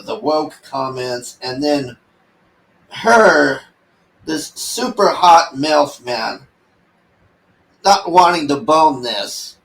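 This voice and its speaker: A man's voice: a little high, fairly bright tone, distant mic, a little hiss or hum. A man rambling through a casual movie review, exasperated and sarcastic, mocking the characters as he talks. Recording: echoey room, voice off-mic.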